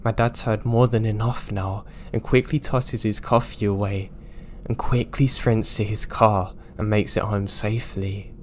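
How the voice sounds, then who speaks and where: A man narrating reader-submitted horror stories in a calm, even storytelling delivery. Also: on the low side, a little slow, slight background noise.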